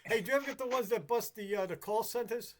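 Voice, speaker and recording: A man with a notably high voice talks in loose, rambling chat. He swears freely and often restarts his sentences as he goes. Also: fast. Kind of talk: casual chat.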